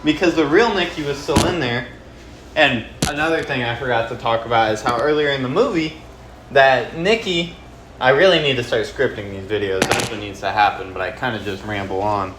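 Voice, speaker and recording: A man's voice: mid-range voice, a little fast. A young man YouTuber casually recapping a movie plot, rambling with lots of slang and filler words. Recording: echoey room with loud background noise.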